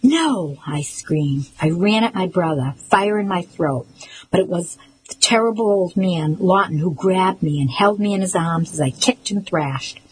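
A woman with a fairly low voice reads a novel aloud for a reading service. Her delivery is even and measured, with a faint hiss in the background. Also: poor audio. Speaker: volunteer reader for a reading service. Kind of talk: audiobook reading.

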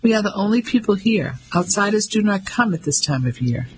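Man playing a commanding village man, formal, assured, raised pitch. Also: expressive, a little fast, slight background noise, poor audio.

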